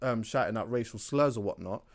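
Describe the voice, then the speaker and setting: A man co-hosting a casual podcast chat, talking in an animated, insistent way and often repeating himself. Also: on the low side, brisk. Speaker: podcast co-host.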